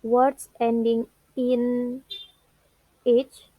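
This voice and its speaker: Young indonesian woman reading a stress lesson, slow and careful, says words twice, dry close sound. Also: a little high, fairly even intonation, a little mellow, no room sound, poor audio. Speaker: student. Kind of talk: pronunciation practice recording.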